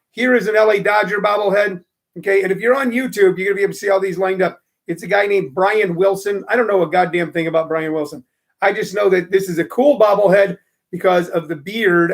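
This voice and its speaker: A man's voice: high-pitched, creaky. An older man hosting a live-streamed show, chatting casually and rambling with many fillers.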